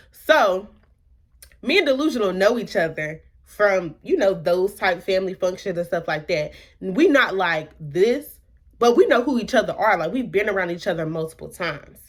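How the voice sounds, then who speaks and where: Animated young woman telling a storytime. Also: mid-range voice, moderate pace. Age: young adult. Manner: animated, dramatic retelling with rhetorical questions. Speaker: vlogger. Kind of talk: storytime vlog.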